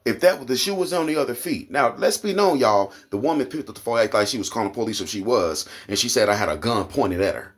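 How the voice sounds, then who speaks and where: A man with an Oklahoma accent ranting angrily to camera, profane and heated, his voice climbing into high indignant peaks. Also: animated, fast, few pauses. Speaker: vlogger. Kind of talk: angry rant to camera.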